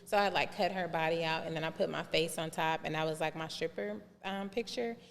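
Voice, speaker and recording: Lively woman telling her story in a reverberant room. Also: low-pitched, fairly quick, gravelly. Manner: animated storyteller who acts out quoted dialogue. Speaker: podcast guest. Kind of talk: candid storytelling on a podcast.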